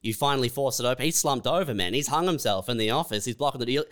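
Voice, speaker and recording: Smooth-voiced man, deadpan dark storytelling. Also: mid-range voice, fast. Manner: deadpan storytelling, builds dark absurd scenarios. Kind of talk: comedic riffing chat.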